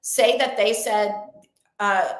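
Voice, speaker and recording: A woman's voice: mid-range voice, fairly even intonation, takes it slowly. A young woman coaching her audience through a live-streamed motivational talk. She speaks in an emphatic, effusive way and keeps repeating upbeat affirmations. Her voice carries a noticeable roomy echo. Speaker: motivational coach hosting an online event.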